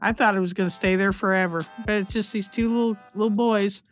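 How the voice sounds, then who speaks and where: Woman podcast host, lively storyteller, casual swearing, faint music behind. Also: medium pitch, quick pace. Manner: animated storyteller, swears, acts out voices. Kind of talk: casual chat.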